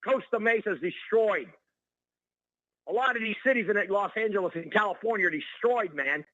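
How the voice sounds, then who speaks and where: A male caller on a talk radio show, ranting excitedly and calling the host by name over and over. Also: sits high, moderate pace, dry recording, narrow, tinny audio. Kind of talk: heated call-in rant.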